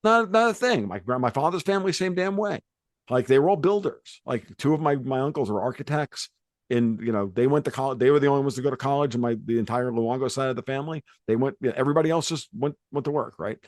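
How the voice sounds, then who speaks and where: Rambling, salty podcast host, dry sound. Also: male voice, mid-range voice, animated, fast talker, no echo. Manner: rambling and salty, full of restarts. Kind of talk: casual podcast conversation.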